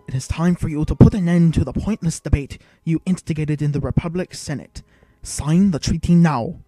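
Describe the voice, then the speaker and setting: A blustering alien viceroy with a strained, nasal twang, as a male audiobook reader puts him on. His voice is warm and dark under the bluster, and he sounds dry and close to the mic. Faint music plays softly behind him. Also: fairly high pitch, normal speed, no echo, close to an everyday voice. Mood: smug. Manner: blustering, orders shouted in rising anger.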